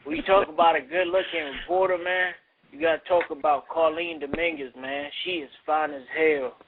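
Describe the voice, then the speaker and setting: A man's voice: a little high, fairly even intonation, brisk, a crowd in the background. A man in crude, joking casual podcast banter. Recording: tinny phone-like lo-fi audio.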